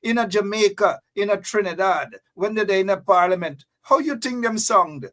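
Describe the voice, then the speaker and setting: A man's voice: high voice, moderate pace, a bit bright. A man with a Guyanese accent hosting a live talk show, chatting to viewers in a sarcastic, joking way.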